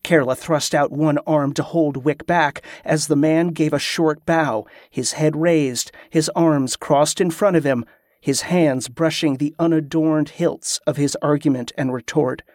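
Guy reading a fantasy novel aloud, steady, bone-dry close sound. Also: fairly high pitch, measured pace, dry recording. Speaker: narrator. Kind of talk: audiobook narration.

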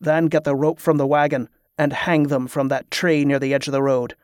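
A man's voice: on the high side, level tone, normal speed, darkish tone, clear, resonant tone, no room sound, natural voice. Man voicing a stern middle-aged male priest leader, commanding, curt, dry close sound.

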